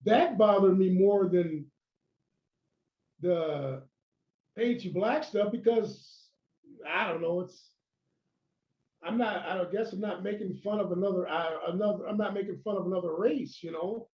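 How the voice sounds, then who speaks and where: High-voiced man telling old stories in a roomy, muffled recording. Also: a little slow, long pauses. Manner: rambling, full of restarts and acted-out quotes. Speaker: former pro wrestler, interview guest. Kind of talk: casual storytelling interview. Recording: roomy, dull lo-fi sound.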